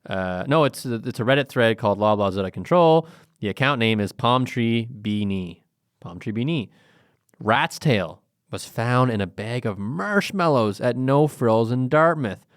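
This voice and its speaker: A man's voice: fairly low pitch, dry recording, studio quality. A man co-hosting a podcast in a casual, upbeat way, reading online posts aloud. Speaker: podcast co-host. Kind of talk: casual chat.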